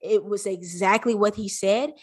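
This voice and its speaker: A woman's voice: medium pitch, fairly even intonation, normal speed, breathy edge. Upbeat woman podcast host. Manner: enthusiastic, affirming. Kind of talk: casual interview conversation.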